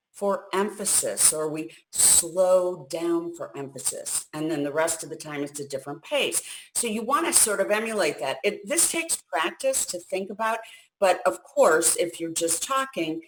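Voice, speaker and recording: Lowish-voiced woman coach, energetic and emphatic instructional delivery. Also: slight background noise, poor audio. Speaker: communication coach. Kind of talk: instructional talk.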